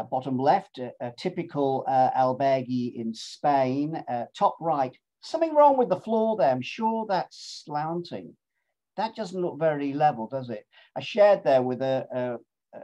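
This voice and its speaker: A man's voice: medium pitch, lively intonation, moderate pace, dark tone. Jolly man telling travel stories. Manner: chatty, jolly and self-mocking, with playful asides. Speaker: speaker presenting his cycling pilgrimage. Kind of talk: casual storytelling talk with travel video clips.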